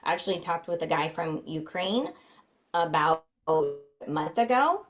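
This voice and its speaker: A woman talking as a guest in a casual interview, chatty and quick with frequent fillers. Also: lowish voice, animated, rough recording. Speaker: guest, flour company founder.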